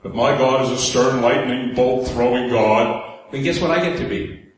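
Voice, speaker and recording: A man's voice: mid-range voice, moderate pace. A man with a New York accent preaching a sermon in a conversational way, putting rhetorical questions to the congregation. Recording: very echoey hall, faint room noise.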